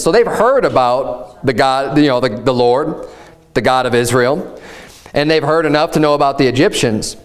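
A man preaching a sermon as pastor, earnest and conversational, climbing in pitch and stretching out words to stress a point. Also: lively intonation, normal speed. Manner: earnest preaching, rising higher and drawing words out for emphasis; conversational asides with fillers.

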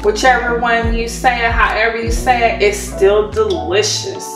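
A woman's voice: on the high side, fairly even intonation, moderate pace. A woman hosting a casual cooking demonstration, chatty and admiring her own work, speaking from a kitchen far from the mic. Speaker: cooking show host. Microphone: far from the camera mic. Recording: echoey room, distant mic, background music.

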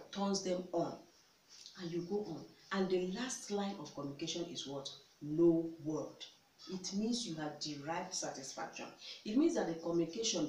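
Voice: medium pitch, a little mellow. A vlogger lays out relationship advice in an instructive, emphatic way, hammering key words again and again and throwing out rhetorical questions. The voice sits back from the microphone in a reverberant room. A faint hiss runs underneath. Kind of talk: instructive counseling talk. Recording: echoey room, distant mic, faint hiss.

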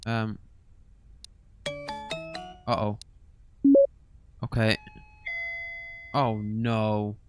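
A young man commenting as he plays a horror game, jumpy and swearing and yelling when startled. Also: lowish voice, monotone, extremely slow, long pauses, faint music behind. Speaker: gaming streamer.

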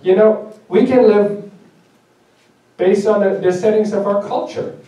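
A pastor from Germany preaches a sermon in a church sanctuary, speaking directly and conversationally and joking about himself. His voice is high-pitched, a little slow, and dark-toned, with the highs cut off. The echoey hall is recorded with the mic far away.

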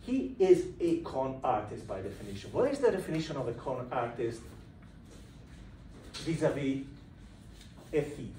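Animated male lecturer in an echoey room. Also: fairly high pitch, recorded from a distance. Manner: animated, questions the students. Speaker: university lecturer. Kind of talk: university lecture. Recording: echoey room recorded from afar, faint noise.

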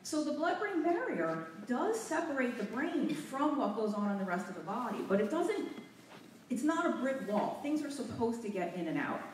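A nervous, out-of-breath woman giving an animated talk to a live audience in a hotel meeting room, using a handheld mic. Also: fairly high pitch, normal speed, slight background noise. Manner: animated, laughing, a bit nervous. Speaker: guest speaker. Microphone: handheld mic, recorded from far off. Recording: echoey room from far off.

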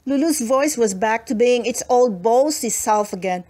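A woman reading a children's storybook aloud in a slow, expressive storytelling manner. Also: fairly high pitch. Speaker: read-aloud book narrator.

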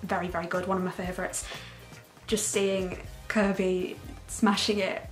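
Woman vlogger, mid-pitched, excitable and emotional, reacting in casual chat with faint music under her. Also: normal speed. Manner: excitable and gushing, laughs often. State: emotional, close to tears. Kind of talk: casual, unscripted reaction commentary.

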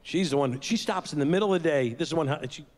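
A middle-aged man performing a stand-up comedy routine on a theater stage, with deadpan asides and acted-out quotes of his kids. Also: a little high, fast talker, big-room sound. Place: theater stage before a crowd. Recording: live stage recording with audience noise.

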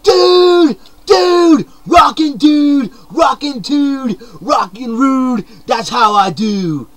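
With a crowd audible behind him, a young man in a hyper surfer-dude persona with a mullet rattles off a loud, slangy, excitable comedic monologue to camera. He sounds hyped, high-pitched, and unhurried.

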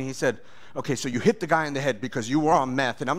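Bright-voiced man preaching his testimony. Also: medium pitch, fast. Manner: animated storytelling, acts out voices, laughs often. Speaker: pastor. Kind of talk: sermon testimony.

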